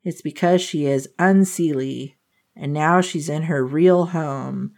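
A woman with a lowish voice walks through a book's plot at a slow, easy pace. She tells it like casual chat with a friend, animated and quick to laugh. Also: vocal fry. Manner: animated storytelling, laughs often. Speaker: book podcast host.

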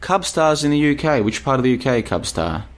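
A man's voice: medium pitch, big pitch swings, fairly quick. A man with an Australian accent hosting a casual live stream, reading out chat messages and answering them in a rambling, emphatic way that repeats itself. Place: apartment in Bulgaria.

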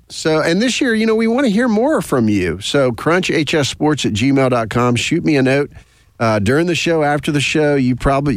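A man hosting a weekly high school football radio show from a studio, chatting casually with lots of fillers. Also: no room sound. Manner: easygoing, rambling with many fillers. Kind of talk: casual sports radio chat.

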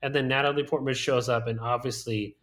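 A man in casual podcast chat, mid-pitched and loose, filling his sentences with "like" and "um". He rambles through his thoughts and chuckles along the way. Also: fairly even intonation, a little fast, a bit bright. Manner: rambling, full of "like" and "um", laughs often. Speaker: podcast co-host. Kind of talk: casual chat reviewing movies.

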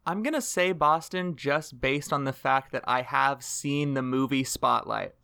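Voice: mid-range voice, measured pace, gravelly, sharp tone, clear, resonant tone. A co-host on a casual movie podcast, speaking with dry, sarcastic humor. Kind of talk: casual movie-talk chat.

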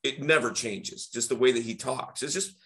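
Speaking at a normal pace, a man who works as a dating coach chats on a casual podcast. He uses an animated public-speaking style, emphatic and full of energy, his pitch rising and falling widely.

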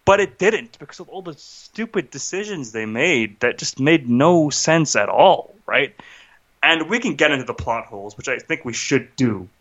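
A podcast co-host rants about films in an agitated, casual way, often stopping to restart and asking "right?". His medium-pitched voice is a bit bright with lively intonation and a moderate pace, and the sound is lo-fi.

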